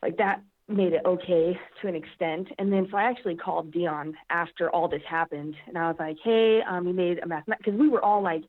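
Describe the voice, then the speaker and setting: A woman guest speaks over a tinny phone line in a slightly low voice. She tells her story in a loose, emotional, animated way, full of fillers. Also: brisk, hardly any pauses. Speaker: podcast guest, strongwoman athlete. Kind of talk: casual interview chat.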